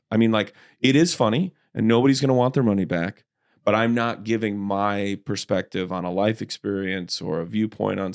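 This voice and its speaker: Lowish-voiced man, chatty comedian. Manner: animated storyteller, slips easily into voices. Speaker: comedian guest. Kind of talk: casual podcast chat.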